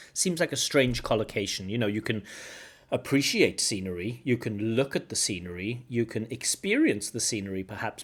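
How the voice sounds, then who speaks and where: A man with a mid-pitched voice talks as a speaking examiner giving feedback. He explains mistakes in a teacherly way and slowly sounds out the correct pronunciation to model it. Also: breathy edge. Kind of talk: exam feedback commentary.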